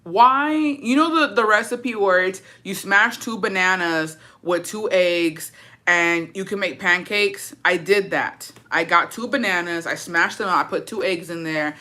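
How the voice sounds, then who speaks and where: Young woman, livestream chat, blunt and profane, bright edgy voice, lowish pitch. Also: moderate pace. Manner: blunt, profane, gossipy and dramatic. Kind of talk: casual livestream chat, answering viewer comments.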